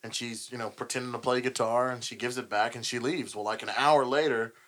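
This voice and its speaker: Speaking a little fast at medium pitch, this young band member and podcast host launches into a loud, swear-filled story during casual chat. He animatedly performs the quotes of the people involved.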